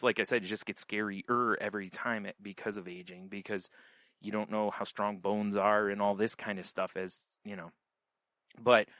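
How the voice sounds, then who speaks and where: A man's voice: lowish voice, fairly bright tone, no echo. A man co-hosting a podcast, telling a story in casual chat, rambling with lots of fillers and restarts. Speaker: podcast co-host.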